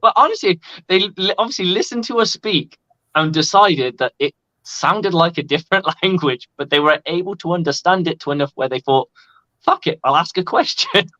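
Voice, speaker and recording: A man's voice: fairly high pitch, fairly quick, pushed and bright, dry recording, highs cut off. A man, a guest chatting casually, telling stories and swearing freely. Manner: laid-back, swears freely, storytelling. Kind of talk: casual chat. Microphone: video call.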